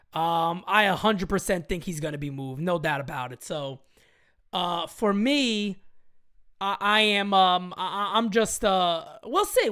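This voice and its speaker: A woman hosting a live-stream sports chat show, talking in an animated, emphatic way and greeting her chatters. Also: lowish voice. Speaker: sports talk show host.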